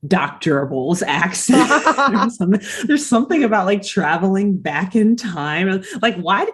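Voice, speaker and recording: A woman's voice: mid-range voice, animated, unhurried, breathy edge. A woman hosting a podcast, chatting casually and giggling as she recaps a cartoon episode. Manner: giggly, chatty, filler-heavy. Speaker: podcast host.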